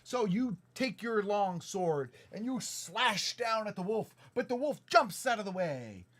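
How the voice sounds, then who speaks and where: A man's voice: sits high, big pitch swings, a little slow, fairly bright tone. A man acting as dungeon master, narrating a tabletop game for his child with playful, dramatic storytelling and sound effects.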